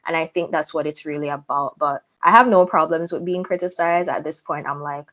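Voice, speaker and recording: A woman's voice: lowish voice, lively intonation, moderate pace. A woman hosting a casual discussion, talking frankly and laughing easily. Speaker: host. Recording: dull lo-fi sound.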